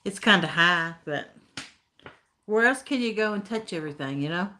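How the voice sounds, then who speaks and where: This woman's lowish, expressive voice moves at normal speed with a sharp tone, and the recording carries a little hiss or hum. She's a Tennessee livestream host with an Appalachian accent, laughing often as she reads chat comments in folksy talk.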